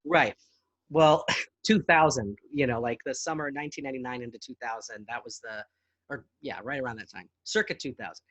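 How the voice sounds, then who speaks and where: A man in his forties, an actor talking as a guest in a casual interview, animated and laughing easily. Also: mid-range voice, a little fast, dry recording. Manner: animated, laughs easily, slips into accents for jokes. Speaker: actor and podcast producer, guest.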